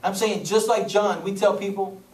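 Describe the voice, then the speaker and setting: A male pastor from Kentucky preaching a sermon, dramatic, dropping to soft low tones and rising again. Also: fairly even intonation, normal speed. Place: church sanctuary. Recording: echoey church room, distant mic, faint noise.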